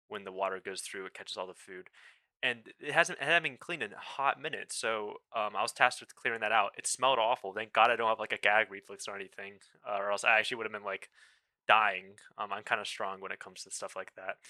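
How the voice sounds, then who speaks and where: A man's voice: lowish voice, bright, forceful tone, dry recording. A young man telling a rambling, casual work story full of fillers and wry asides. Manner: rambling, filler-heavy, wry self-deprecating. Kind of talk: casual anecdote monologue.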